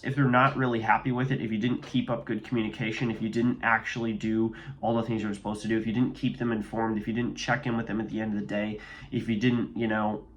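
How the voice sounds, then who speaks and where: A man who runs a landscaping business offers casual, upbeat advice in a walk-and-talk vlog, his voice medium-pitched and a bit bright. He often checks in with "okay?"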